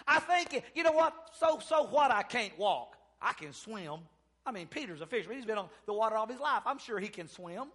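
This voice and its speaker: A male pastor delivers a church sermon in a strikingly high, bright, forceful voice. He peppers his preaching with amens and moves between hushed lines and loud, ringing ones. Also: sing-song, fairly quick. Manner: preaching with call-and-response amens, swinging from soft to loud.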